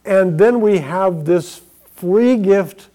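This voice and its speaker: A man earnestly telling his own near-death story in a slow, emotional testimony. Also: high-pitched, warm tone. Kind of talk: personal testimony.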